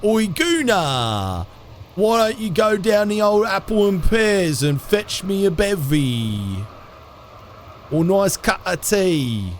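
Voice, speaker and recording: A man's voice: sits high, sing-song, takes it slowly, slight background noise, pitched above the performer's own voice, full character voice. A man putting on a brash Cockney man who barks orders in an exaggerated mock British accent. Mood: bossy, jokey.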